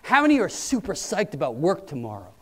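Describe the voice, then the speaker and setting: A man's voice: high voice, wildly swooping pitch, brisk, a bit bright. A man preaching a sermon in a conversational, emphatic way. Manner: conversational, emphatic, quoting people in put-on voices. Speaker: pastor.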